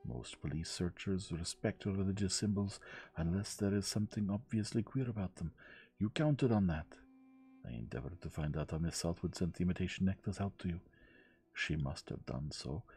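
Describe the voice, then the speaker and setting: A man reading gently, voicing a shrewd older male detective who speaks in a measured, formal way. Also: low voice, animated, slightly rough, pitched above the performer's own voice, exaggerated voice. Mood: explaining.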